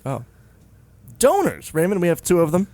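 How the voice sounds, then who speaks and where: A man with a fairly high voice hosts a comedy podcast and cracks puns. His talk is goofy and playful, and his pitch swings widely from line to line. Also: huge pitch swings, normal speed, a little mellow, no room sound. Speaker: podcast co-host. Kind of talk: casual comedic chat.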